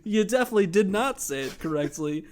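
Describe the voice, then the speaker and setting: A man hosting a comedy podcast, telling crude stories loudly with deadpan punchlines. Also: high-pitched, quick pace. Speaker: podcast host. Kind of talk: comedic casual chat and storytelling.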